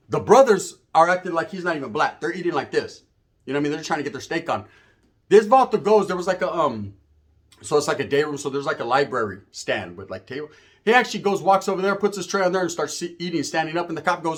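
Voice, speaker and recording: A man's voice: fairly high pitch, quick pace. A man casually telling a story full of swearing and street slang, acting out the people in it and often adding "right?". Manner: profane, animated, acts out the voices of people in his story. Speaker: storyteller guest.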